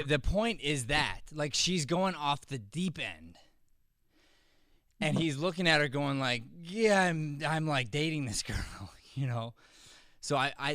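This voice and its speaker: A man's voice: fairly high pitch, pushed and bright, dry recording, studio quality. A man coaching an online acting class, in a loose, rambling, casual way over a video call. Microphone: webcam or phone on a video call.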